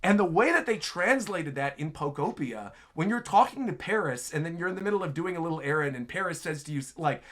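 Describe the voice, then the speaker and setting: A man hosts a casual gaming show and answers viewer questions with easy enthusiasm. His voice sits a bit higher than most men's, and his delivery is loose and chatty, peppered with "like" and "right?". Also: a little fast, hardly any pauses, fairly bright tone.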